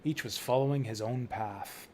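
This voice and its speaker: A man's voice: mid-range voice, normal speed, darkish tone, slight background noise, natural voice. A man reading a laid-back young thief. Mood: reassuring. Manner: reading game dialogue aloud in his own voice. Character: young male thief, easygoing and reassuring.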